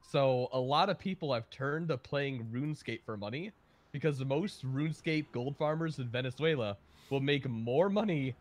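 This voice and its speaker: A man, a livestream guest, chatting in a quick, joking, loose way over a computer mic. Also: medium pitch, lively intonation. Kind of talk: casual chat.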